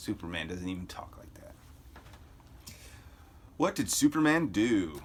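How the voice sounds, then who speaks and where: A man's voice: low voice, big pitch swings, unhurried, pauses often, slightly rough. A man reading a comic book aloud for kids, with offhand, joking asides.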